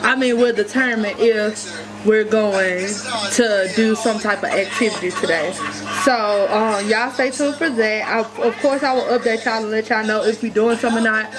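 A woman's voice: fairly high pitch, moderate pace, over music, poor audio. A woman in her twenties, chatting casually to her viewers in a loose vlog style. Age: 20s. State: out of breath at times. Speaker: vlogger.

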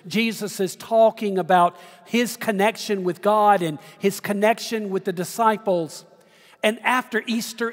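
A middle-aged man preaching a sermon as pastor, telling stories slowly with dramatic pauses. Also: high voice. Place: large church sanctuary. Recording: long church reverb.

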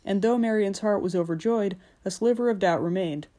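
Woman gently narrating a fairy tale. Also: medium pitch. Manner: measured, gentle storytelling. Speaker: audiobook narrator.

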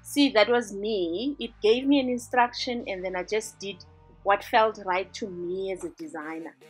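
A woman's voice: mid-range voice, moderate pace, slightly rough, soft background music. A woman hosting a design tutorial, narrating a screen-recording voice-over in an upbeat, chatty way as she walks through each step.

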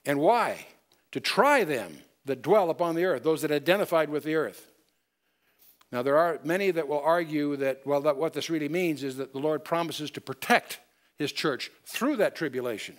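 A man's voice: on the high side, animated, moderate pace. A man giving a Bible study lecture, explaining step by step and quoting scripture in old-style wording. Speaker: Bible teacher.

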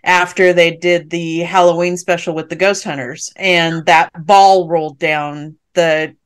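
A podcast host in casual chat, reacting to a guest with quick short remarks and laughter. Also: medium pitch, little pitch movement, smooth.

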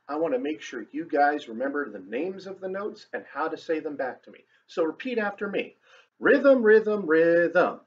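Husky man teaching kids rhythm. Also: fairly high pitch. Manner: encouraging, clapping and chanting rhythm syllables. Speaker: music teacher. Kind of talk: online lesson for children. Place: classroom or home, filmed on camera. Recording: dull lo-fi recording.

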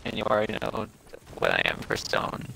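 A man's voice: fairly low pitch, huge pitch swings, brisk, vocal fry, pushed and bright, slight background noise, rough recording. A man streaming a co-op game, chatting casually and swearing freely. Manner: profane, laid-back banter. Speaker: streamer playing a co-op shooter. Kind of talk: casual gaming chat.

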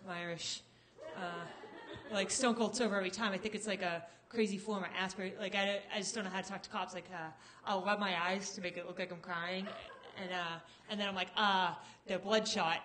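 Bright-voiced flustered woman comic. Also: mid-range voice, steady tone, quick pace. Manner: rambling, gets flustered and worked up. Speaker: stand-up comic. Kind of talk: stand-up set.

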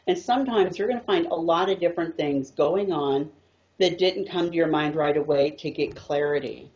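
Low-voiced woman, earnest tarot guest. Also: normal speed, a little mellow. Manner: earnest, rambling storyteller. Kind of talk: casual chat about tarot. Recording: dull lo-fi audio.

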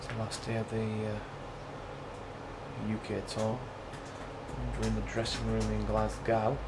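A man's voice: lowish voice, completely flat delivery, unhurried, reverberant, heavy background noise. A man from a band, chatting and joking casually as he films a backstage tour video in a dressing room. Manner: chatty, jokey, presenting to camera.

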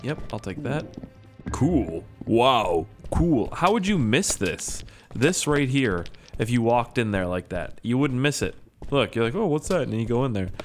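Young male gamer from Canada, mid-pitched, bouncy delivery, chatty and profane self-talk over a game. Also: animated, a little slow, soft background music. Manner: rambling, joking and swearing, talking to himself. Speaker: gaming YouTuber. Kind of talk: let's play commentary.

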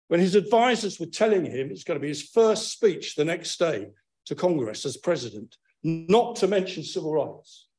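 Guy councillor speechifying, bit high voice, big emphatic build-ups. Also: darkish tone. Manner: rhetorical, emphatic delivery. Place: council chamber.

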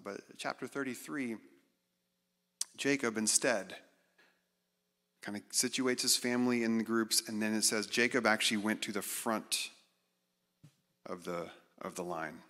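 A middle-aged man giving a conversational, animated sermon as guest speaker, acting out quotes with self-deprecating humor. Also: fairly low pitch, gravelly. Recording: reverberant hall.

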